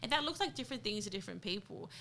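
A woman's voice: medium pitch, lively intonation, very fast, bright, forceful tone, a little hiss or hum. A woman co-hosting a podcast, talking earnestly and from the heart in a candid conversation. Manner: earnest, heartfelt, retells friend's words. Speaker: podcast co-host.

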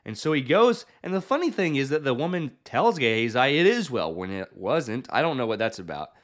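A male preacher retelling a Bible story in a lively way, with chuckling asides. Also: mid-range voice, a little fast. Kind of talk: sermon storytelling.

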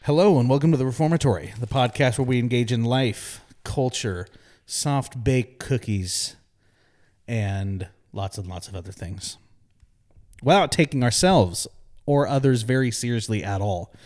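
A man's voice: mid-range voice, animated, normal speed, a little mellow. A man co-hosting a podcast, chatting casually, joking and rambling as he talks. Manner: joking, rambling, laughs often. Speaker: podcast co-host. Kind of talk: casual chat.

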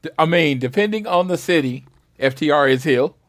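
A man co-hosting a podcast in casual chat, relaxed and laughing easily. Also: on the high side, a little fast, no room sound, studio quality. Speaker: podcast co-host.

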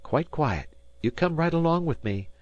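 A man's voice: on the high side, expressive, moderate pace, muffled recording, voice pushed up, natural voice. A man doing a soothing motherly fisherman's wife. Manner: soft, soothing, hushed.

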